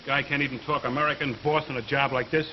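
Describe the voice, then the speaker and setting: An actor playing a tired construction worker who grumbles in slang, in 1940s radio acting on a dull old recording. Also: male voice, medium pitch, level tone, quick pace, a little hiss or hum, close to an everyday voice. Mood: grumbling.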